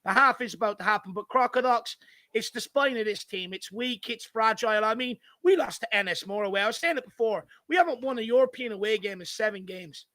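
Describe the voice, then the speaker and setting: Male fan co-host, high voice, dry close sound, blunt and fed-up. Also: brisk, pushed and bright, dry recording. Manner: blunt, repetitive, frustrated. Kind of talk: fan debate.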